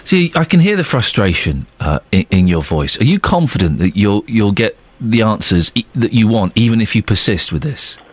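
A man's voice: fairly low pitch, normal speed, hardly any pauses, dry recording. A male radio host interviewing a guest and reading statements, cutting in carefully. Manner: interjecting, careful, lively delivery.

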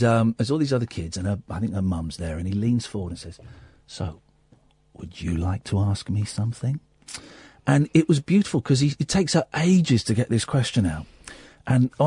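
A male radio host with a slightly husky voice, speaking close to a dry studio mic. He tells stories with lively swings in pitch. He mimics people and drops to a soft hush in tender moments. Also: no room sound. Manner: animated storytelling, mimics people, drops to soft quiet tones when moved. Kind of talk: casual radio chat. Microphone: studio microphone.

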